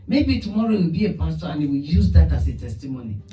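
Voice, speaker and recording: A male pastor with a high, lively voice tells animated stories in his sermon and plays out each person in them. His tone is mellow and warm, and he is heard from a distant mic in a roomy space. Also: fast. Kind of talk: sermon with storytelling.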